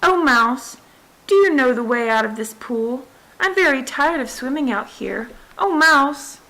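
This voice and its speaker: A woman's voice: on the high side, a little slow, a bit bright, poor audio. A woman reading a storybook aloud, voicing a polite, eager young girl who chatters on. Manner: eager, well-mannered chatter.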